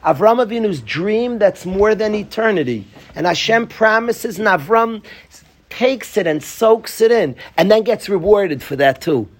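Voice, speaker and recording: A man's voice: high-pitched, animated, measured pace. A man teaching a Torah class to students, pleading and passionate, joking with them at times.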